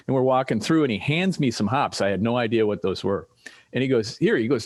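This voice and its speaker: A man in casual chat over drinks, telling rambling stories with lively quoted voices as a podcast guest. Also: medium pitch, fairly quick, dry recording.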